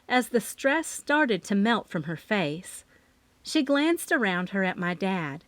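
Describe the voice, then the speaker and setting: A woman narrating a first-person mystery audiobook in an expressive, lively storytelling manner. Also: mid-range voice, takes it slowly, dry recording.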